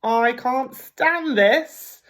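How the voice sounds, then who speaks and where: A woman's voice: high-pitched, sing-song, a bit bright, pitched above the performer's own voice, full character voice. A woman doing a worn-out grumpy daddy bear. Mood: fed up. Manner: exasperated, drawn-out complaining. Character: tired, grumpy male father bear.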